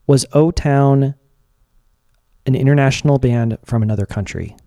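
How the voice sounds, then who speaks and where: A man co-hosting a casual chat that counts down music videos, playful and quick to laugh. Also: medium pitch. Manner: playful, animated, laughs often. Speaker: co-host.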